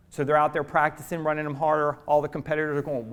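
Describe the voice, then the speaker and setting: A middle-aged man giving a motivational keynote, telling a story dramatically, swinging from hushed asides to loud preacher-like calls to the audience. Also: fairly high pitch, flat delivery, fast talker, hardly any pauses. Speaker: motivational speaker.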